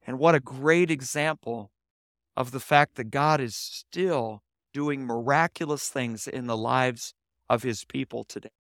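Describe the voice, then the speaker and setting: A man's voice: medium pitch, measured pace, fairly bright tone, dry recording, clean studio sound. A male pastor preaching a sermon, reading a story aloud and voicing the people in it. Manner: reads a story aloud with voiced quotes.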